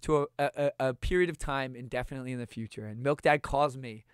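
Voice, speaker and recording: Streamer in their twenties spinning a funny anecdote, animated and laughing, dry close sound. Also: medium pitch, quick pace, clean tone, no echo. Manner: animated, laughing often, acting out quotes. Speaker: streamer telling a story. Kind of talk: casual storytelling chat.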